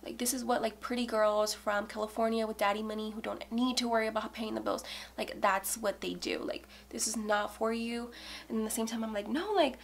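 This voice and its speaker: A woman's voice: on the high side, flat delivery, fairly quick, creaky, slight background noise. A woman in her twenties from Texas, telling her story in a candid, casual vlog chat, swearing freely and saying "like" often. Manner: candid, swears a lot, fillers like "like". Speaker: beauty vlogger.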